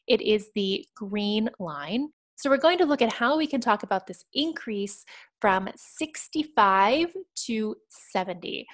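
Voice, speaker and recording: A woman teaching an English exam writing lesson, explaining each point patiently and clearly. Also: mid-range voice. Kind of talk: scripted lesson narration.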